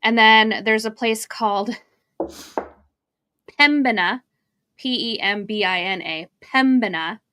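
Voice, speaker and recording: A woman's voice: a little high, takes it slowly, long pauses, sharp tone, smooth, no echo, studio quality. A woman from Arizona co-hosting a marketing livestream, chatty and laughing as she drifts into tangents. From Arizona, USA. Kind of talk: casual live-stream chat.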